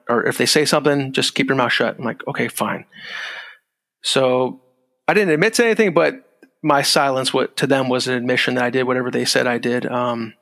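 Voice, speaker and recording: A man's voice: mid-range voice, fairly bright tone. A middle-aged man, a guest on an interview show, telling a story in a laid-back way. He laughs as he goes and acts out the lines of the people in it. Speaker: guest, former security agent. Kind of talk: casual storytelling. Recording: long room reverb.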